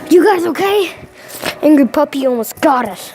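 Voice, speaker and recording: A woman hosting a playful pet vlog, excitable and giggly, talking into a headset microphone and breaking into shrieks. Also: sits high, normal speed, gravelly. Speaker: channel host.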